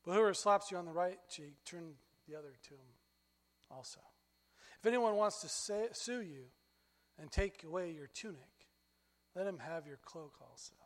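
A man preaching a sermon as pastor, telling stories in an animated way that climbs high when he gets excited. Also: moderate pace, big-room sound.

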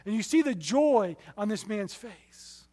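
A man preaching a sermon, telling stories with passion, his loudness rising and falling sharply. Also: high-pitched, lively intonation, unhurried, big-room sound.

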